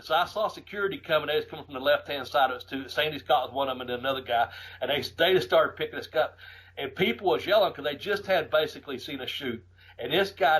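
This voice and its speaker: A middle-aged man, a podcast host casually telling profane, animated stories and laughing often. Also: a little high, slightly rough, poor audio. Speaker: podcast host and former wrestler. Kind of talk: casual storytelling.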